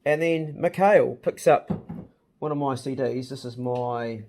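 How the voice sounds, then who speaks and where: A man's voice: mid-range voice, measured pace, noisy background. A man with a New Zealand accent, chatting casually and jokily as host of his home vlog. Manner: easygoing, jokey, matey slang. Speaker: channel host.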